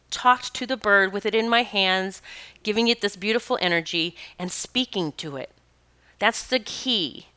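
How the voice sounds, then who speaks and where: A woman working as a spiritual teacher, telling stories in a casual monologue, animated and emphatic, laughing often. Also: medium pitch, clear, resonant tone.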